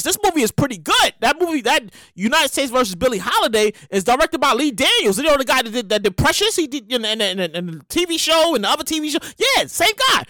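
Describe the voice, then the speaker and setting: A woman with a New York accent hosting a casual commentary show, animated and emphatic, slangy, repeating her points. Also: sits high, brisk, dry recording. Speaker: show host.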